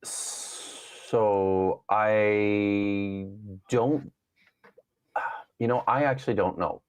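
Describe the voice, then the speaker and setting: A man, a guest scholar on a live show, explaining in a halting way with many pauses and restarts. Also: lowish voice, steady tone, darkish tone, smooth, dry recording. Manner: halting, full of fillers and restarts while explaining. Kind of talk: casual live-show interview.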